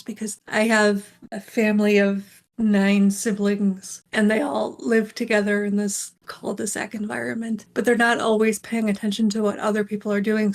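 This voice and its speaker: Gravelly-voiced woman author guest. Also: mid-range voice, a little mellow. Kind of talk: casual chat.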